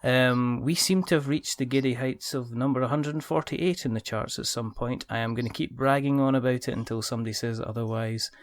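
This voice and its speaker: A man's voice: mid-range voice, fairly even intonation, fairly quick, hardly any pauses, no echo. Jokey male podcast host, dry sound. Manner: jokey, plugging the show. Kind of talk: casual chat and show outro.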